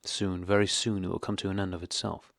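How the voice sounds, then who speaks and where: A man reading an audiobook voices a distressed young wife in a soft, pleading, near-whispered manner. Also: deep voice, level tone, fairly quick, creaky, dry recording, clean studio sound.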